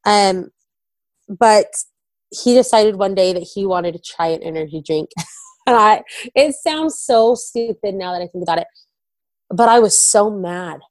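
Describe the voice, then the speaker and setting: A woman's voice: medium pitch, animated, unhurried, pauses often, darkish tone, dry recording. A young woman candidly telling an emotional personal story, often quoting herself and her husband. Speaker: guest, wife of a recovering addict.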